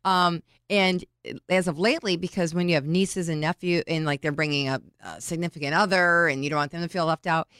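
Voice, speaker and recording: Woman podcast co-host, lowish voice, practical step-by-step tips, dry close-miked sound. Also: fairly even intonation, fairly quick, few pauses, a bit bright, clear, resonant tone, no room sound. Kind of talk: casual chat.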